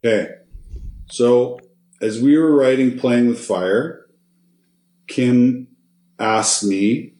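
A man, a guest in an interview, telling a long story in an animated way and checking in with his listener as he goes. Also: mid-range voice, extremely slow, long pauses. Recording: roomy echo.

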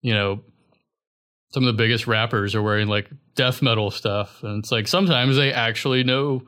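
A young man in a relaxed podcast chat, talking in loose, rambling runs full of filler words. His voice sits at an ordinary middle pitch, easygoing and unhurried. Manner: rambling, filler-heavy, laid-back. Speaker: guest musician.

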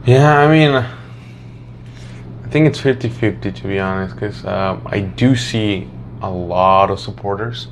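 A man's voice: lowish voice, unhurried, a little hiss or hum. A man co-hosting a podcast, offering his opinions in a hesitant, hedging way. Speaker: podcast co-host. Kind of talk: casual chat.

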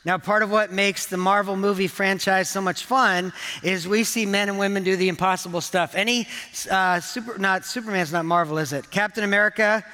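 A man's voice: sits high, steady tone, fairly quick, few pauses, sharp tone, big-room sound. A man preaching a sermon as pastor, earnest and conversational with touches of humor. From England. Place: church auditorium.

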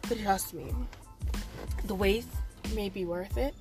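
A woman, hosting her own podcast in a rambling, casual solo chat with sudden loud outbursts. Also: medium pitch, takes it slowly, faint music behind. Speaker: podcast host.

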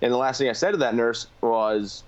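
A man's voice: mid-range voice, highs cut off. A man, a combat veteran guest, telling his story candidly in a plain-spoken way. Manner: fast, plain-spoken, filler-heavy.

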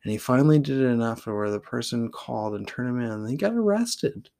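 A man's voice: medium pitch, lively intonation, fast, vocal fry, dark tone. A man in his thirties from Oregon hosting a podcast, telling personal stories in a rambling, blunt way and saying "like" constantly. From Oregon, USA. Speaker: podcast host. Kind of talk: casual personal storytelling.

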